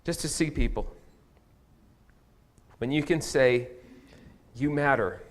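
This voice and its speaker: A man's voice: fairly high pitch, slow pace. A man preaching a sermon as pastor, telling a candid personal story with a self-deprecating touch. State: tearful at times. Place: church sanctuary.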